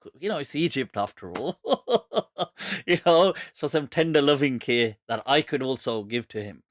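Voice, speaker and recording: A man's voice: medium pitch, normal speed, slight background noise. Man telling a story with laughs. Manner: animated anecdote telling, laughing often. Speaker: host and Islamic scholar. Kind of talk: casual storytelling on a live Q&A stream.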